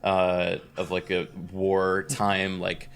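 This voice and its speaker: A man's voice: low-pitched, completely flat delivery, slow, gravelly, a bit bright, slight background noise. A man in casual chat, rambling and laughing often. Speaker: co-host.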